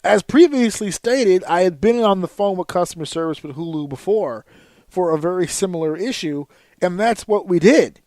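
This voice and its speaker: A man's voice: high voice, lively intonation, moderate pace, darkish tone, no echo. Profane, exasperated man ranting on a podcast. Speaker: podcast host. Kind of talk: casual ranting monologue.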